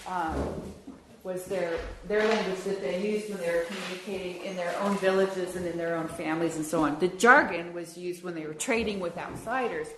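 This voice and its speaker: An American woman giving a public lecture, chatty and enthusiastic, repeating words for her audience. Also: fairly low pitch. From USA. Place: lecture room. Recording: roomy lecture hall.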